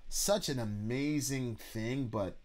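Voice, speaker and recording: A man co-hosting a reaction show, telling a personal story in a halting, earnest way with repeated words and casual swearing. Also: medium pitch. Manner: earnest and reflective. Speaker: podcast co-host, father.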